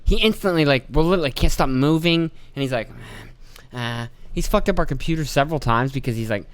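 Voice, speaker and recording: A man, probably in his thirties, hosting a podcast and ranting casually in a profane, exasperated way, while telling animated stories. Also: on the high side, brisk, clean tone. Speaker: podcast host. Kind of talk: casual solo rant.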